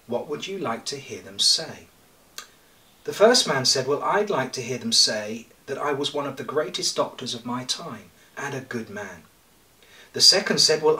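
A male priest preaching a sermon in a church, his bright voice heard from some distance. He speaks in a measured way, with pauses and light humour. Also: medium pitch.

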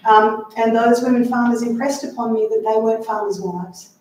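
A woman author speaking to a library audience, lively and chatty with wry asides, recorded from far off in an echoey room. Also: on the high side, fairly quick, a little hiss or hum. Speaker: author giving a library talk. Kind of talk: talk and audience Q&A.

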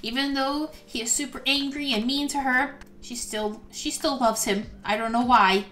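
High-voiced, gushing woman gaming host. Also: moderate pace. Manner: excitable and gushing, gasps often. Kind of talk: let's play commentary.

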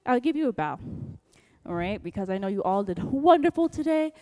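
A woman leading an upbeat dance class, calling counts and moves with high energy. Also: fairly quick, dry recording, clean studio sound. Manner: energetic, calls counts and moves over music. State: breathing heavily. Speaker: dance instructor. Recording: music playing underneath. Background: loud dance music.

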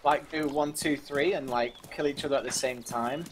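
A man's voice: medium pitch, steady tone, moderate pace, a little hiss or hum. A man playing alongside a friend, laid-back, calling out what he spots in casual game chat. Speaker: co-op player.

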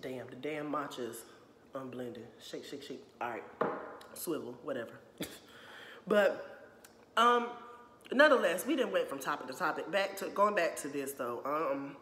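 Blunt and foul-mouthed, a young man vlogs his opinions casually, leaning again and again on "you know what I'm saying." This young adult YouTuber speaks at medium pitch and normal speed with a slightly bright tone, recorded in an echoey room with long reverb.

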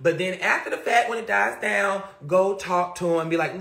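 Young male streamer, gravelly and sharp-toned, loose and repetitive, phone mic. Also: high voice, moderate pace, slight background noise. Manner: rambling, repetitive, trails off into mutters; reflective, self-questioning. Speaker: live-stream host. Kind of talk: casual live-stream rant.

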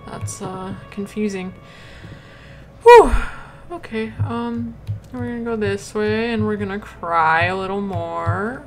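A woman's voice: medium pitch, takes it slowly, soft background music. A woman commenting on her horror gameplay, nervous and easily startled, often talking back to the game. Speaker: let's play host.

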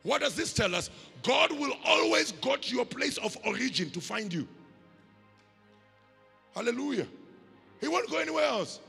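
South African man, pastor, sermon, call-and-response preaching, very gravelly rough voice, high pitch, long hall reverb, faint music. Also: very animated, normal speed, pauses often, bright, forceful tone.

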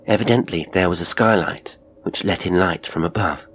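A man narrating a Victorian story in a measured, grave and deliberate way. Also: sits low, a bit bright, a little hiss or hum. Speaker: audiobook narrator.

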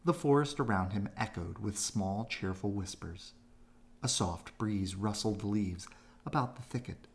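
A man reading a children's storybook aloud, gentle and expressive. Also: fairly low pitch, a little slow, vocal fry. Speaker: storybook reader.

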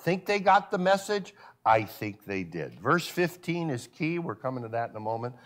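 A male pastor preaching a sermon at a church service, full of rhetorical questions and sudden drops to a hushed voice. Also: on the high side, very animated, moderate pace.

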